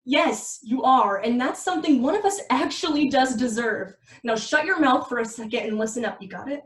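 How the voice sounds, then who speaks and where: In a film script table read, a woman voices a tired, frustrated girlfriend driving at night, firm and scolding. Her voice is natural and on the high side, at normal speed. The recording is echoey, with her far from the mic.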